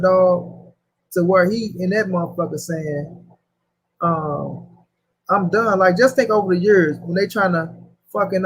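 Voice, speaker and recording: High husky-voiced man ranting. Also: low-quality recording. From St. Louis, USA. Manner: profane, slangy, repetitive rant. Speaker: boxing commentary host. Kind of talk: casual boxing talk.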